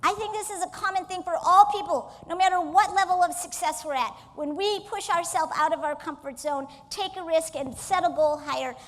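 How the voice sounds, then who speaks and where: A woman motivational speaker giving a keynote on stage, energetic and coaxing the audience to join in. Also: very high-pitched, fairly quick, hardly any pauses, in a large hall. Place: stage in a large hall.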